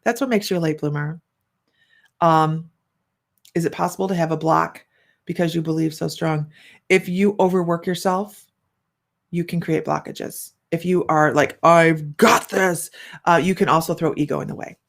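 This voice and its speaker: A woman's voice: low voice, steady tone, moderate pace, vocal fry. A middle-aged woman hosting a psychic livestream, chatting casually and rambling as she reads out viewer comments. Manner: chatty and rambling, many fillers and restarts.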